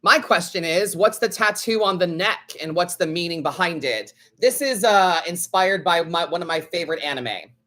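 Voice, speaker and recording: A man's voice: sits high, animated, normal speed, few pauses, bright, forceful tone. Sassy tarot guy on a live stream, blunt, cusses, voice bounces up and down a lot. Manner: blunt, sassy, swears freely, acts out other people's lines. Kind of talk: casual live-stream chat.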